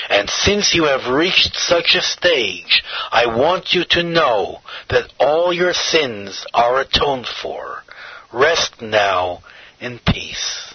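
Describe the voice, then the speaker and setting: A man voicing a revered, gentle old holy man who speaks softly and consolingly. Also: fairly high pitch, slightly rough, dry recording, exaggerated voice. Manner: soft, hushed and consoling. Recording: dull lo-fi recording.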